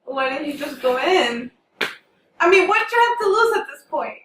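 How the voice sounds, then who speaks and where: A woman chimes in from off camera with teasing, laughing remarks, her voice very high. She sounds far from the mic in an echoey room, with faint music behind her. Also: big pitch swings, moderate pace, background noise. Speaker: off-camera listener. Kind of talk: casual chat.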